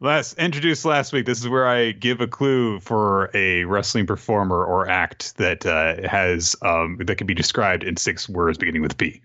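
A man's voice: low-pitched, fairly even intonation, normal speed, hardly any pauses, bright, forceful tone, dry recording, muffled recording. A man co-hosting a podcast, chatting casually about a manga with a dry, filler-heavy delivery. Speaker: podcast co-host. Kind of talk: casual chat recapping a manga.

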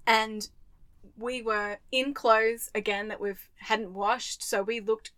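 An Australian woman co-hosting a podcast, telling a travel story in lively detail and acting out the voices she quotes. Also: fairly high pitch, slow pace, no room sound. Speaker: podcast co-host. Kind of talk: casual chat, storytelling.

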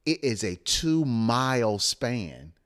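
A man co-hosting a late-night motivational live stream, with a smooth radio-style voice and a preacherly way of repeating phrases for emphasis. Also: medium pitch, big pitch swings, slow pace, a bit bright.

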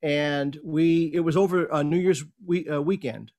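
Animated middle-aged man telling a story. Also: a little high, moderate pace. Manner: animated storyteller, acts out quoted lines. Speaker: podcast guest, speaker and coach. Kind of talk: casual interview storytelling.

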